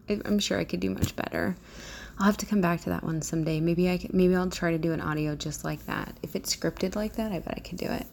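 Low, gravelly-voiced chatty woman. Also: fairly even intonation, fairly quick, darkish tone. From Southern US. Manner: chatty, hesitant, self-deprecating, clear careful diction. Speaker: audio creator. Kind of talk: casual chat to listeners.

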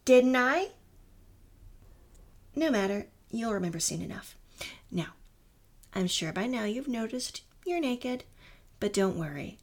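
A young woman in a whispered role-play, talking softly and slowly in a teasing way, close to the mic, with a breathy voice. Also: mid-range voice. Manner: soft, slow and teasing, dropping often into whispers.

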